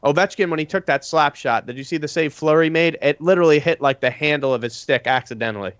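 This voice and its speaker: A man's voice: on the high side, quick pace, fairly bright tone, smooth, no room sound, lo-fi sound. A man co-hosting a casual sports podcast, rambling through his analysis with many fillers. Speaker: podcast co-host.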